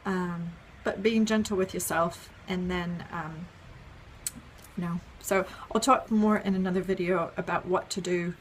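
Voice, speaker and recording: A woman's voice: fairly low pitch, steady tone, unhurried, a little hiss or hum. A woman explaining an idea in a casual video, step by step, with frequent ums and "right?" checks. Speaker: parenting educator.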